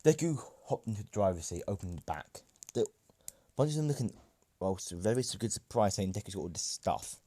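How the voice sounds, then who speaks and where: A man's voice: lowish voice, lively intonation, fairly quick, mellow. A man improvising a fan-fiction story in a rambling way, correcting himself and chatting to listeners.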